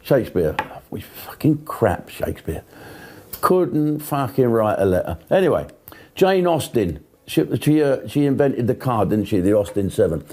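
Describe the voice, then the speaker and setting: A man holds forth in a sweary, sarcastic rant, mocking and blunt, his voice dark and mellow. He sits in a middle pitch and throws out crude asides. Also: big pitch swings, moderate pace. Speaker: political commentator.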